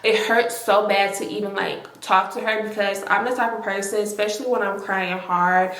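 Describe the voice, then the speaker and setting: A woman's voice: medium pitch, fairly even intonation, normal speed, fairly bright tone. A young adult woman telling a personal story to her viewers in casual storytime narration, chatty and filled with "like". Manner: chatty, talks to viewers directly, heavy filler use. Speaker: storytime vlogger. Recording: echoey room.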